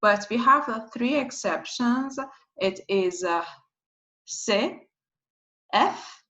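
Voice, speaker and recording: Lady teacher going slow over each sound, bright tone, kinda muffled recording. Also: fairly high pitch, lively intonation. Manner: patient, repeats each sound several times. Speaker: language teacher. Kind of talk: slow spoken lesson. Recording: dull lo-fi recording.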